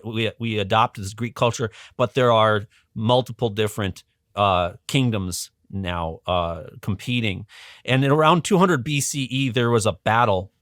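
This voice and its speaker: A man's voice: medium pitch, fairly bright tone, no echo, studio quality. A man as a guest educator, explaining history in a casual, conversational way with frequent ums and restarts.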